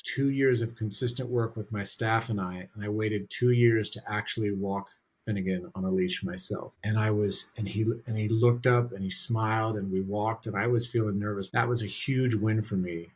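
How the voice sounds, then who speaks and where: A man's voice: on the low side, steady tone, moderate pace, few pauses, slightly rough. A middle-aged man, a dog trainer and podcast guest, talking in an earnest, reflective and candid way in casual conversation.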